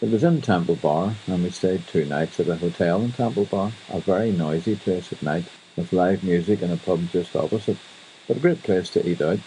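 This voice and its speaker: A man's voice: low-pitched, a little fast, mellow, slight background noise, rough recording. A Northern Irish man hosting a radio show, chatting wryly in a casual monologue. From Northern Ireland. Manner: chatty, wry storytelling. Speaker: radio host.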